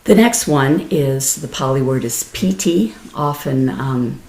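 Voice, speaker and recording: A woman meditation teacher giving a gentle, explanatory dharma talk, laughing easily and restarting her phrases. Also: rumbling low, expressive, slow pace. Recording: roomy echo.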